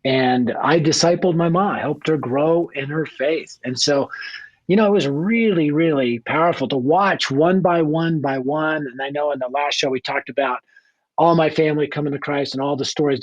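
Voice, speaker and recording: Brief: male guest evangelist, husky tone, blunt earnest storyteller, dry and slightly muffled sound. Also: fairly high pitch, normal speed, dry recording. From Denver, Colorado. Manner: blunt, earnest storyteller acting out family dialogue. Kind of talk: storytelling in a radio interview.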